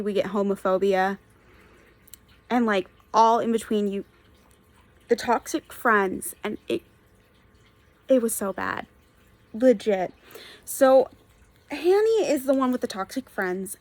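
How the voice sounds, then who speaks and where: A young woman records a casual book vlog update, her voice sitting at an ordinary middle pitch. She sounds earnest and openly emotional. She rambles and restarts her sentences as she works through her thoughts. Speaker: book vlogger.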